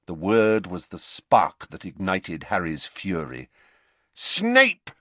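A man narrating a novel aloud with an expressive, varied delivery. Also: deep voice, unhurried, no room sound. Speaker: audiobook narrator. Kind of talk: scripted narration.

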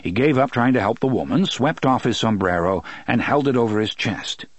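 Male audiobook narrator, expressive, husky tone, dry booth sound. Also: medium pitch, a little fast, dry recording. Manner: expressive storytelling, many voices. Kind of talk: scripted narration.

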